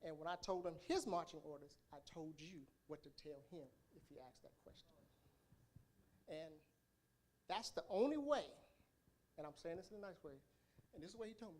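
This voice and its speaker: High-voiced Southern man preaching. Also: animated, normal speed, pauses often. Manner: conversational storytelling, quiet then rising to loud preaching. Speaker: elder preaching. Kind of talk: sermon testimony.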